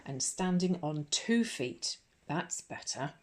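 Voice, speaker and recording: A large, imposing English headmistress, as a woman reads her aloud in an audiobook barks crisp, firm directions at a class. Her voice rides higher and louder than the plain reading voice, with an arch, bossy edge. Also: lively intonation, slow pace. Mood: commanding. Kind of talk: ASMR audiobook role reading.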